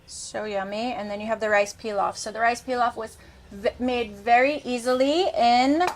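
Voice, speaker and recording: A woman's voice: fairly high pitch, fairly even intonation, moderate pace, a little hiss or hum, low-quality recording. Casual, enthusiastic cooking host; woman in her thirties tasting and describing food. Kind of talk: casual cooking show chat.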